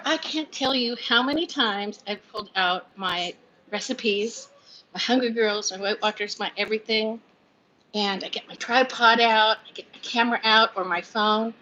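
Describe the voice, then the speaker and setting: A woman in her fifties talks to viewers on a livestream from home. Her voice is bright and a little high, and her talk is scattered and confiding, with laughs through the sadness. The audio is lo-fi and muffled. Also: slight background noise. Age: 50s. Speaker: vlogger hosting a livestream. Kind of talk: rambling emotional livestream chat.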